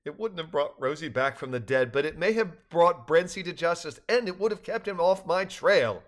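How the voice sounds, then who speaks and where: A man voicing a gentle, troubled telepathic balloon creature, telling its story in an earnest, measured way. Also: a little high, lively intonation, pitched above the performer's own voice, close to an everyday voice.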